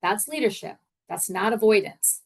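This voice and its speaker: A woman's voice: medium pitch, lively intonation, normal speed, vocal fry, slightly rough. A middle-aged woman hosting a leadership podcast, coaching in a casual, conversational way and often repeating her words. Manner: conversational, repeats words, acts out example phrases.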